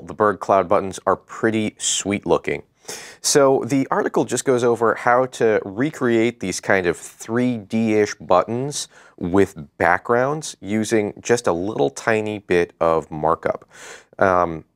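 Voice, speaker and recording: A man co-hosting a tech show talks through web tools in an eager, easygoing way. His voice is low and smooth. The recording is close and dry, with no room sound. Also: no room sound. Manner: enthusiastic, conversational. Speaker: co-host. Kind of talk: casual tech show chat.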